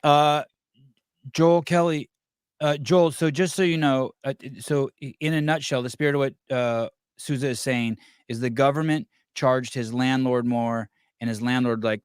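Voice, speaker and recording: A man hosts a podcast as a casual live-stream chat, taking calls, swearing freely and restarting his sentences often while he rambles. His medium-pitched voice is fairly even in intonation and normal in speed. The sound is clean and studio quality, with no echo.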